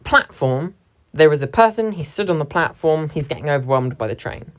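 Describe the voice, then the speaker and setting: A young woman with a low voice talks through how lines in a scene are divided between performers. She stops to quote lines and presses hard on single words. Her tone stays thoughtful and analytical. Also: animated, a little fast. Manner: analytical, stresses key words when quoting lines. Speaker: drama performer. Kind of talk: reflective talk about a stage scene.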